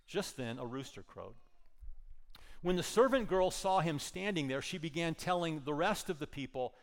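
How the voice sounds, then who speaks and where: An earnest man preaching, his voice sitting a touch high for a man. He retells the scripture story and then drives his points home with repeated phrases. His words ring out in a long, echoing hall. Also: animated, moderate pace. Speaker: pastor. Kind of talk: sermon.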